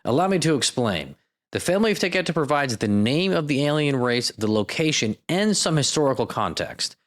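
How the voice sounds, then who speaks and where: A man narrates a scripted podcast in a jokey, sarcastic tone, his pitch swinging widely as he goes. He breaks into self-mocking asides, and his voice sits in the ordinary middle range for a man. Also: fairly quick. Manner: lively, jokey delivery with silly voices. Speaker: podcast host.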